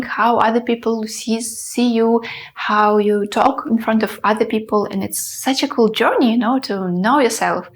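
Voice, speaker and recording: Chatty, animated young woman vlogger. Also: a little high. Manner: chatty and animated, with fillers and light laughs. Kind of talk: casual talk to camera.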